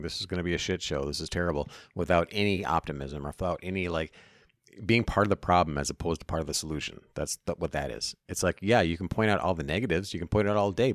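Man, deep, fast-paced, rambling, swears, casual chat. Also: no room sound, clean studio sound. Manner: rambling, profane, heated.

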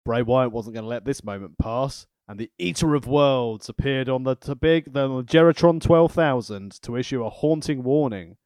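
A man's voice: mid-range voice, moderate pace, few pauses, a little mellow, clear, resonant tone, no room sound, clean studio sound. Giggly, joking male podcast co-host. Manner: joking, giggly, reads prepared notes. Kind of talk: casual chat.

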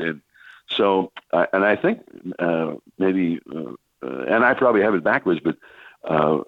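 A man's voice: low voice, lively intonation, normal speed, no room sound, narrow, tinny audio. An older man, a veteran baseball broadcaster, telling long rambling stories on a sports talk radio show. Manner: rambling anecdotal storytelling with many restarts and fillers.

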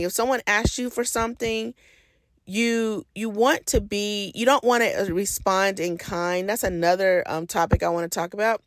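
A woman's voice: medium pitch, dry recording, studio quality. A middle-aged woman hosting a solo podcast, giving blunt, no-nonsense advice in a casual talk. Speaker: podcast host.

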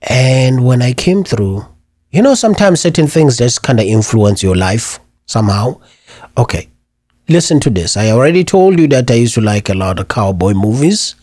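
Husky, animated male radio host. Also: mid-range voice, normal speed, dry recording, studio quality. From Africa. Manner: animated, chatty storyteller. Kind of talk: storytelling on a radio talk show.

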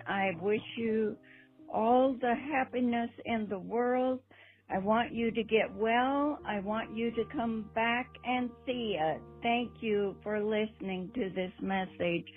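An older woman leaving a recorded phone message, speaking earnestly and formally with warm good wishes. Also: mid-range voice. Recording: tinny phone line with faint music.

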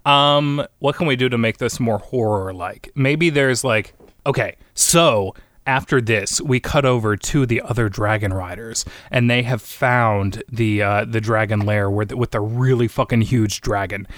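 A man's voice: mid-range voice, a little slow, fairly bright tone, dry recording. Casual male co-host, rambly, filler-heavy, a bit sweary; dry close recording. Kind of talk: casual brainstorming chat.

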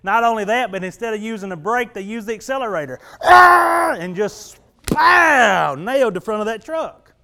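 Man, pastor preaching, folksy animated storytelling, high voice, clean clear tone. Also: fast talker. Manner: animated, folksy storyteller who gets loud and laughs at himself. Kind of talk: sermon with personal storytelling.

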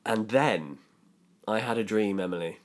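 Young British man, low voice, rambling storyteller with plenty of fillers. Casual podcast co-host. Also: a little slow. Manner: chatty storytelling, lots of ums and likes. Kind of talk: casual chat.

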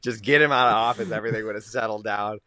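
A man's voice: lowish voice, fairly even intonation, quick pace, pushed and bright, no echo. A man co-hosting a podcast, chatting in a laid-back, rambling way with many fillers. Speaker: podcast co-host. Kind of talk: crude casual banter.

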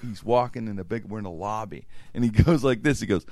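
A man hosting a talk show, telling a long story in a casual, animated way, doing other people's voices and laughing often. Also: fairly low pitch, fast talker, gravelly, dry recording.

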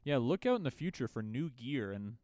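A man's voice: medium pitch, sing-song, brisk, a little mellow, dry recording, studio quality. A young man co-hosting a casual podcast, rambling, swearing freely and laughing often. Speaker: podcast co-host.

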